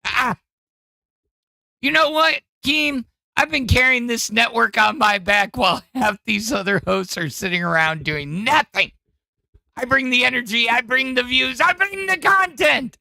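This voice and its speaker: A man voicing a brash, aggressive male podcast host who boasts and shouts in a fake Welsh accent. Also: extremely high pitch, expressive, unhurried, gravelly, no echo, pitched above the performer's own voice, heavily acted. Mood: defiant.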